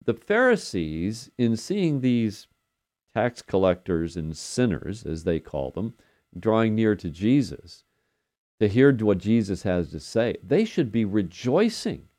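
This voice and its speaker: Older male devotional host, warm low voice, chatty pace with plenty of fillers. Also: sing-song. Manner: unhurried, conversational, with frequent fillers. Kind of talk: daily devotional sermon.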